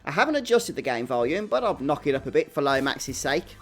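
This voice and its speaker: A man's voice: on the high side, big pitch swings, a little fast, soft background music. Brummie-accented man streaming a game. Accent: Birmingham (Brummie). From England. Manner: chatty, reads and answers chat viewers; self-deprecating, laughs often. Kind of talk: live stream game commentary.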